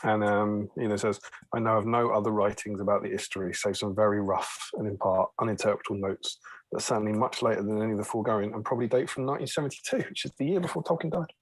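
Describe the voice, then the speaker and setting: Man, husky voice, dry close mic, jokey stream co-host, reads aloud from a book. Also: lowish voice, fairly even intonation, fast, dry recording. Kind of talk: casual stream chat.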